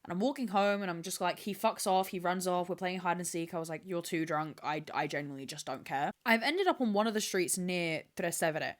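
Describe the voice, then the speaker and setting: This young podcast host has a lowish voice and speaks briskly, barely pausing. She rambles through a dramatic, profane storytelling monologue aimed at the camera, picked up by the camera's mic.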